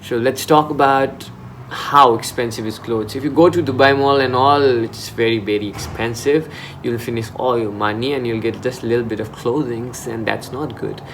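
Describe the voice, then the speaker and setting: A man's voice: mid-range voice, moderate pace, a bit bright, a little hiss or hum. Chatty young man vlogging. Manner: chatty and informal, with frequent restarts. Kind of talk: casual advice vlog. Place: in Dubai.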